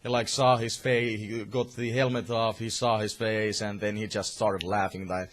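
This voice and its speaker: A man's voice: lowish voice, level tone, moderate pace, hardly any pauses. A young man casually reviewing a comic, rambling with many fillers and some swearing.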